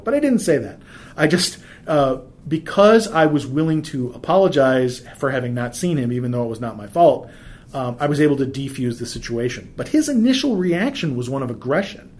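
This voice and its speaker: Brisk and a little high, with lively intonation, this middle-aged man chats through practical advice. He tells anecdotes along the way, often starting sentences over and dropping in fillers.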